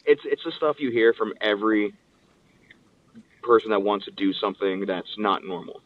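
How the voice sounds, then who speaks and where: A pro wrestler with a lowish voice and moderate pace is interviewed over a distant, phone-like line. He's an animated storyteller, relaxed in tone, dramatizing the quotes of people in his tales.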